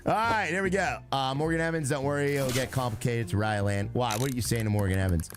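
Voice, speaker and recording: Faint music plays as a young streamer chats through his game in a medium-pitched, fairly quick voice. He jokes around with his audience, narrates to himself, and now and then bursts into song.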